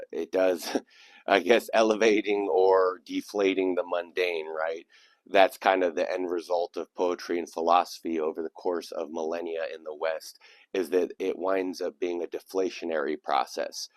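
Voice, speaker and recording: A man's voice: sits low, dry recording. A man hosting his channel, reading submitted poems aloud and adding reflective, digressive commentary between them. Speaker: channel host. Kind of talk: casual commentary and poetry reading.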